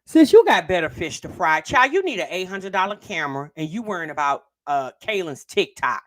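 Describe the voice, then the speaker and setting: A woman's voice: on the low side, very animated, a little fast. A woman hosting a reaction channel, giving blunt, sassy commentary and calling the other woman girl, sis and child.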